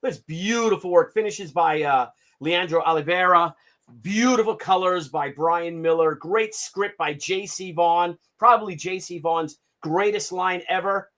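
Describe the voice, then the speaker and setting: A man in his fifties hosting a casual livestream, ranting in an animated, sarcastic and profane way. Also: sits high, a little slow. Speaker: comic artist hosting a livestream.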